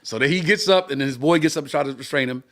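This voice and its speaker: A middle-aged comedian co-hosting a live-streamed talk show, telling a long, profane anecdote and acting out the voices of the people in it. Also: male voice, fairly high pitch, rapid-fire, a bit bright. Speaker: comedian and co-host.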